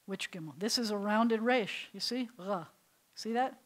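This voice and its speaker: A middle-aged woman rabbi teaching a beginners' Hebrew class, patient and playful, slowly sounding out syllables for students. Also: on the high side, poor audio. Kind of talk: classroom language lesson.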